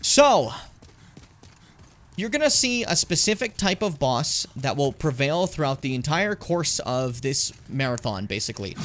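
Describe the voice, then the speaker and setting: Animated, cursing young male game streamer. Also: on the high side, background noise. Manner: chatty, swears a lot, talks to chat. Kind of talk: casual gameplay commentary.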